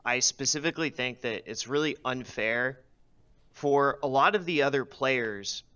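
A man calling in to a show, laying out a prepared opinion at length in an articulate, steady way. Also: medium pitch, unhurried, smooth. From US West Coast. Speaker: caller. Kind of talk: call-in opinion take. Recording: dull lo-fi call audio.

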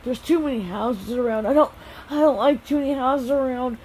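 A woman's voice: high-pitched, moderate pace, darkish tone, a little hiss or hum, lightly acted, low-quality recording. A woman voicing a frightened, childlike boy who frets and repeats himself.

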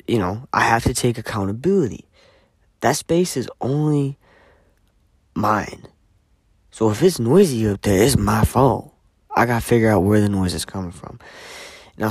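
A man talks through his week in a candid, emphatic vlog, cursing freely and sinking to hushed near-whispers at times. His voice sits low. The recording is dry and close, with no room sound. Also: dry recording. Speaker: vlogger. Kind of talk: candid personal reflection to camera.

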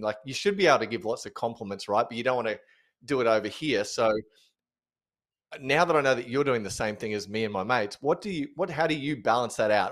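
Man podcast co-host, thoughtful and hesitant, lowish voice. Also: a bit bright. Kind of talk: casual chat.

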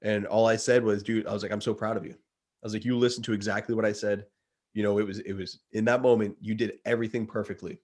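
A man in his thirties with a fairly low voice tells a story to a friend in casual chat. He is earnest and animated, and drops "dude" into his sentences. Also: fast. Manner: earnest, animated retelling, says dude a lot. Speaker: guest.

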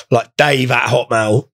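Rambling, gravelly stoned guy. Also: medium pitch, fairly even intonation, slow, sharp tone. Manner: rambling, swearing, joking. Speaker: podcast host. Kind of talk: casual podcast chat.

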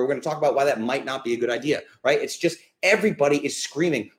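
A young man hosts a live podcast in a blunt, emphatic rant. He swears without apology and hammers his points home by repeating them. His voice sits at a middle pitch and rings in a noticeably echoey room. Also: lively intonation, quick pace, few pauses. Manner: blunt, ranting, swears freely. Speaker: podcast host. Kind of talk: live-streamed podcast monologue. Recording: roomy echo.

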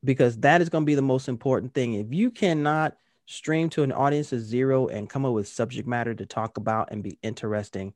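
A man in his fifties talks casually as a podcast co-host, his voice sitting at an everyday pitch. He tells stories lively and slips into other people's voices. The sound is dry and close, with no room around it. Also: a little fast, few pauses, no echo. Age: 50s. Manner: animated storyteller acting out quotes. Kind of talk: casual chat.

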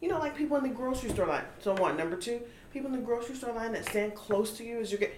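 Animated woman chatting in an echoey room. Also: a little high, very fast. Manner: animated, laughing storyteller. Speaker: podcast co-host. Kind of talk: casual chat. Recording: roomy echo, faint noise.

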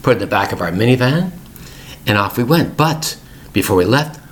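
A man's voice: mid-range voice, animated, brisk, slight background noise. A middle-aged man hosting an English-learning podcast, telling a family story in plain, repetitive words for learners.

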